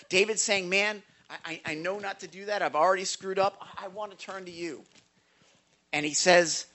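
A man's voice: on the high side, fairly bright tone. A male pastor giving a short sermon devotional to a congregation, emphatic and stumbling over repeated words.

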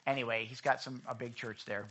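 A man's voice: mid-range voice, fairly even intonation, a little fast, pushed and bright. A man preaching a sermon as a pastor, conversational and emphatic, with asides to the congregation in a church. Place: church sanctuary.

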